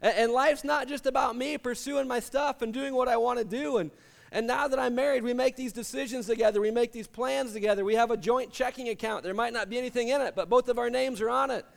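A man's voice: very high voice, fairly even intonation, fast, creaky, in a large hall. A middle-aged man preaching a sermon, telling personal stories with humor and acting out the voices of the people in them. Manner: storytelling with humor, acts out quoted voices. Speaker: pastor.

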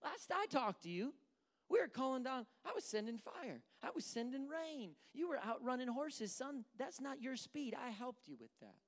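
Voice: high-pitched, big pitch swings, normal speed, in a large hall, voice pushed up. A preacher voicing an exasperated, fatherly God who scolds with incredulous questions.

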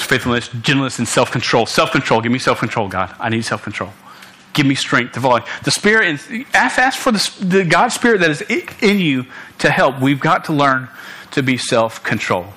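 A young man preaches a sermon to a congregation in a room, his mid-range voice bright and forceful. He is earnest and direct, often stumbling and restarting his words, and throws punchy asides to his listeners.

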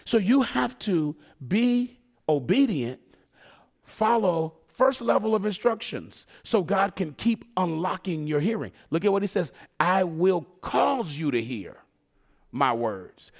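A man preaching a sermon in a conversational, joking way, slipping into quick acted asides. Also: high-pitched, very animated, gravelly.

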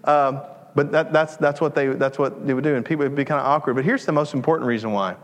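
A man's voice: mid-range voice, fast talker. Earnest preaching man in a reverberant hall. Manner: earnest, repetitive preaching with joking asides. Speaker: pastor. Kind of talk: sermon. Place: church sanctuary.

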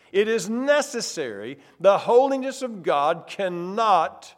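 A man preaching a sermon in a fairly high voice. His pitch rises and falls a great deal. He stresses key words with sudden loud, drawn-out phrases. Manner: emphatic, varies loudness and pace for stress.

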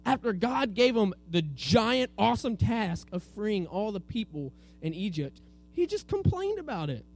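A man's voice: sits high, very animated, a little slow, gravelly, a little mellow. A man teaching a children's Bible lesson, telling the story with energy and asking the kids to repeat words after him. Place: room with a group of children.

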